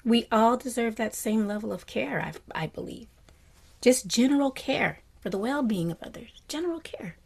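A woman meditation teacher, with a fairly high, gravelly, husky voice at a moderate pace, gives a gentle, reflective dharma talk. She often drops to a soft whisper and breaks into animated bursts of delight.

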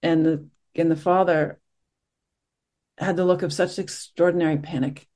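A middle-aged meditation teacher giving a soft-spoken, reflective talk after a group sit, pausing often and searching for words. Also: mid-range voice, steady tone. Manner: soft-spoken, gentle, searching, with many pauses and fillers.

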